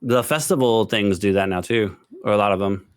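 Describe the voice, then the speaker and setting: Smooth low-voiced man, dry quips. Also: fairly quick, dry recording. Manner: dry, wisecracking interjections. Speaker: podcast co-host. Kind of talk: casual chat.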